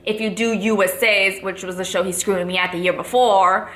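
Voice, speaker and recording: A woman's voice: medium pitch, steady tone, normal speed, fairly bright tone, a little hiss or hum. Fired-up young woman telling a story. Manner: candid and fired up, swears freely, many fillers. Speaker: fitness competitor. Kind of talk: casual storytime monologue. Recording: echoey room with faint ambience.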